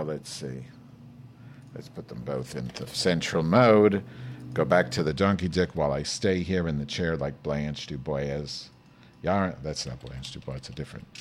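Man, very low voice, crude, profane, rambling, show host, lavalier mic. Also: a little hiss or hum. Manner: crude, profane, self-talking. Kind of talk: rambling live show chat. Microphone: lavalier and stand mic.

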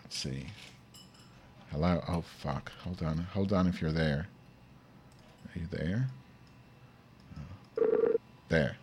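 Man, very low voice, crude, profane, rambling, show host, lavalier mic. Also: slow pace, long pauses, slight background noise. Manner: crude, profane, self-talking. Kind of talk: rambling live show chat. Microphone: lavalier and stand mic.

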